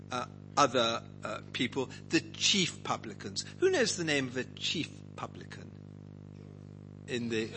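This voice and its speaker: A man's voice: medium pitch, bright, forceful tone, a little hiss or hum, poor audio. A man teaching a Bible passage to a group, asking them questions and acting out quotes. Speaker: preacher leading a Bible study.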